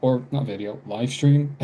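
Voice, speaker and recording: A man's voice: mid-range voice, background noise. Young man chatting with the hiccups. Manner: halting, apologetic, frequent sighs and small laughs. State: has the hiccups. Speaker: live streamer. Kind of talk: casual live-stream chat while doodling.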